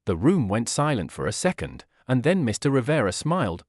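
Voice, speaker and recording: Man, graded-reader narrator, clear measured delivery, lively intonation. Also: medium pitch, no echo, studio quality. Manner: clear, measured reading for learners. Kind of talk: scripted storybook narration.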